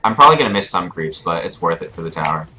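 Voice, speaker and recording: A man's voice: low-pitched, big pitch swings, racing, pushed and bright, faint music behind, low-quality recording. A young man giving casual live commentary over his own gameplay as a streamer, explaining his choices with frequent fillers. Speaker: gaming streamer. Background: keyboard clicks and typing.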